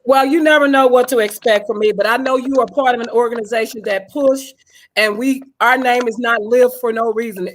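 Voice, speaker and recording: A woman's voice: fairly high pitch, fairly even intonation, fairly quick, slight background noise, low-quality recording. A woman from Fort Worth, talking bluntly and straightforwardly as a guest on a live online interview. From Fort Worth, Texas. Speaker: guest, show founder.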